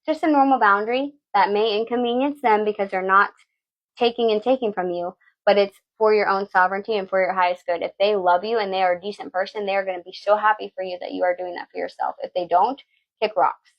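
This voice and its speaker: A woman's voice: mid-range voice, fairly even intonation, fast, lo-fi sound. A woman giving a tarot reading, blunt and preachy, swearing freely and asking "okay?" again and again. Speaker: tarot reader. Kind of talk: live tarot reading talk.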